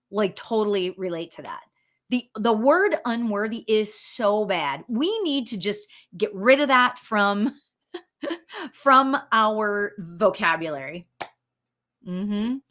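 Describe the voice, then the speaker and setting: A woman hosting a casual live talk as a spiritual medium, chatty and encouraging, laughing easily and reading viewer comments aloud. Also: takes it slowly. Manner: animated, leaps in pitch, laughs often.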